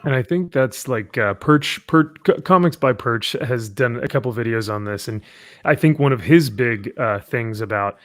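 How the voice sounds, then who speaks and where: A man's voice: medium pitch, moderate pace, a bit bright, no echo, studio quality. A man hosting an online panel chat, joking around and reading out viewer messages. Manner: jokey, reads out viewer messages. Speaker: host.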